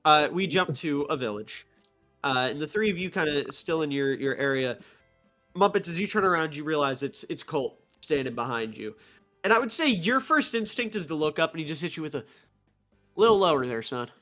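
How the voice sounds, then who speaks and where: A man running a tabletop game as game master, talking in a loose, rambling way. His pitch jumps around a lot and sits on the higher side. Soft music plays under dull, lo-fi audio. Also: lively intonation, a little fast.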